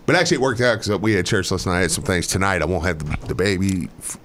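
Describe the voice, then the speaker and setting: A man's voice: low-pitched, animated, fast talker, a bit bright. A man co-hosting a podcast, chatting casually and rambling through stories. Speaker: podcast co-host. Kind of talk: casual chat.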